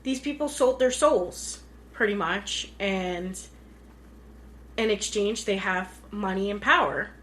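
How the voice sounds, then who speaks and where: A woman's voice: medium pitch, slow, fairly bright tone. A woman co-hosting a podcast in casual chat, retelling movie scenes with lots of "like"s. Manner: chatty, retells scenes with many "like"s. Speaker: podcast co-host.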